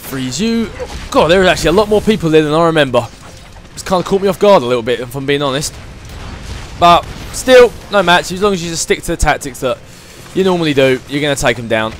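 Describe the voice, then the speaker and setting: A man chatting excitably through his let's play commentary as he plays a video game, thinking aloud as he goes. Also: on the high side, quick pace, soft background music. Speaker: gaming channel host.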